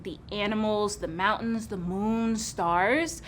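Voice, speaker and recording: A woman telling a Bible story to children in a patient, gently teasing manner. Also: medium pitch, steady tone, slow, a little hiss or hum.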